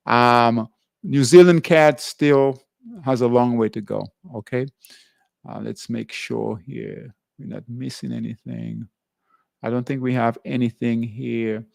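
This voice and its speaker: A man hosting a live trading class, stepping through currency pair charts in a halting way and filling the gaps with "all right". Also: medium pitch, creaky, dry recording, clean studio sound. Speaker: trading show host.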